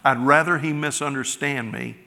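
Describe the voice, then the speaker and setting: A middle-aged male pastor preaching a sermon, swelling loud on key words and then dropping soft. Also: mid-range voice, normal speed. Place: large church sanctuary. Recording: church hall reverb.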